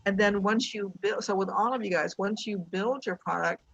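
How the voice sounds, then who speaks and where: A woman's voice: medium pitch, normal speed, gravelly, fairly bright tone, slightly rough, no echo, highs cut off. A woman business coach leading a casual online workshop, chatty and encouraging, telling stories from her clients. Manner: chatty, encouraging, tells anecdotes. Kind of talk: casual live coaching session.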